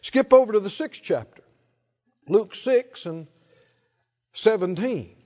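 Guy preaching, high voice for a man, stretches words out, big echoey hall. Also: lively intonation, slow, pauses often, a little mellow, lo-fi sound. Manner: emphatic, drawing out key words and prompting the crowd. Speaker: pastor. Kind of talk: sermon with call-and-response.

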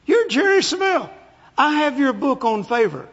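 A man's voice: extremely high pitch, sing-song, moderate pace, voice pushed up, exaggerated voice. A preacher voicing a friendly woman supervisor at an airline counter, in an echoey, muffled recording. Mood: eager. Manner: bright and friendly.

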